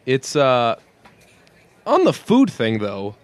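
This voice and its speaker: A man's voice: mid-range voice, wildly swooping pitch, takes it slowly. Rambling young man co-hosting a podcast. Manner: rambling, laughs often while telling stories. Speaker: podcast co-host. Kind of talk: casual chat.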